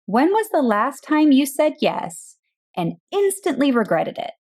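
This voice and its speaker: A woman hosting a coaching podcast, speaking in a calm, direct scripted monologue with rhetorical questions. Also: high-pitched, unhurried. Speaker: burnout and boundaries coach, podcast host.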